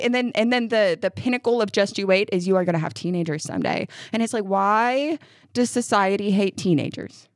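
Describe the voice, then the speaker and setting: A woman from New York co-hosting a casual chat, animated and laughing often as she puts on the voices of people she quotes. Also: medium pitch, a little fast, dry recording, studio quality. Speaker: podcast co-host.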